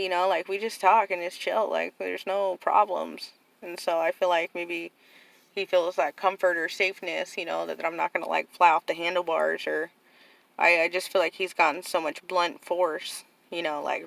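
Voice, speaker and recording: A woman's voice: on the low side, steady tone, normal speed, gravelly, a bit bright, no room sound, low-quality recording. A middle-aged woman talking casually and earnestly to camera, rambling with lots of "like" and "you know". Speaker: vlogger.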